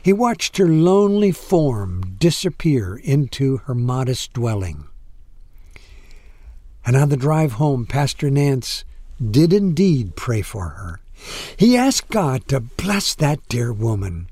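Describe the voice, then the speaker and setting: A man narrating a heartfelt story in a slow, expressive way with dramatic pauses. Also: medium pitch, no echo.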